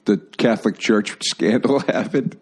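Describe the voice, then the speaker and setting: A man co-hosting a casual comedy podcast, rambling excitedly through stories and laughing often. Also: fairly low pitch, a little slow, slightly rough. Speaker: comedian co-host.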